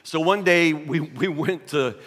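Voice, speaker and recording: A man's voice: a little high, measured pace, a bit bright. An older man preaching a sermon, telling a humorous personal story in a chatty, self-deprecating way. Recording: echoey hall.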